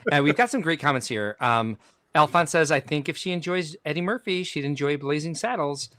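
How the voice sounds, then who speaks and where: A man's voice: fairly high pitch, fairly quick, no echo. A man hosting a casual livestream podcast, chuckling as he reads viewer comments aloud. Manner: animated, chuckles while reading comments aloud. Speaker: podcast host.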